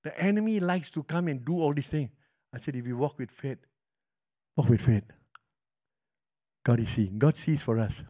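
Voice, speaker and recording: A middle-aged man with a Malaysian English accent, preaching a sermon with animated storytelling that swings from loud to hushed. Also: mid-range voice, moderate pace, long pauses. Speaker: pastor.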